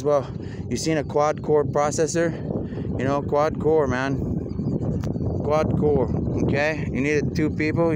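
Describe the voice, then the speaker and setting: Over footage, a man with a higher voice rambles in a monologue, drifting from topic to topic with wordplay and peppering his talk with "man" and "you know." The recording is very noisy.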